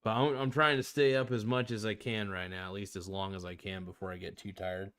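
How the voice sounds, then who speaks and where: A man's voice: on the low side, little pitch movement, fairly quick, fairly bright tone. A man hosting a casual reaction video, talking in a laid-back, slangy way with plenty of swearing while he snacks on crackers.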